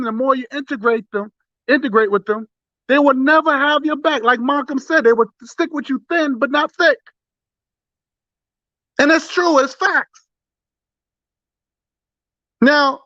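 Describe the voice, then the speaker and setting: Man, very high bright voice, indignant and emphatic, stumbling repeats, dull lo-fi talk radio line. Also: no room sound. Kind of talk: impassioned political commentary.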